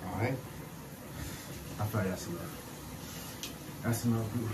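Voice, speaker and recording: A man's voice: lowish voice, a little slow, heavy background noise. A young man chatting casually to his viewers in a prank vlog, slangy and repetitive, recorded at home near a running shower. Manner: slangy, chatty, repeats himself. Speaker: prank vlogger. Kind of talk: casual vlog talk to camera.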